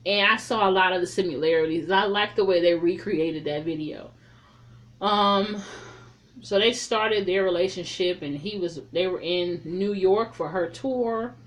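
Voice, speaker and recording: A woman with a fairly low voice gives a relaxed, chatty recap of a film. She rambles through the plot with plenty of profanity and side comments. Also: a little slow. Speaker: reviewer. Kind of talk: casual recap.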